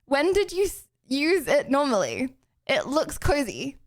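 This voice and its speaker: A young woman streams and chats loosely with her viewers, rambling and giggling. Her voice sits high and bounces all over the place, with plenty of "like" and "bro" along the way. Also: wildly swooping pitch, a little slow. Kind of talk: casual chat answering chat questions.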